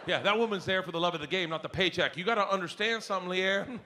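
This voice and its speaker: Stand-up comic, male, loud storyteller with a bright, forceful voice on a handheld mic. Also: high-pitched, fast. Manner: loud, animated storytelling that jumps into shouted voices. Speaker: stand-up comedian. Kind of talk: stand-up comedy set. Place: comedy club stage before an audience.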